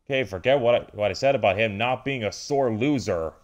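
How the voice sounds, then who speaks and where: Over footage of a wrestling video game, a man delivers excited play-by-play, stumbling over restarts and letting out startled exclamations. He speaks briskly, his voice on the low side.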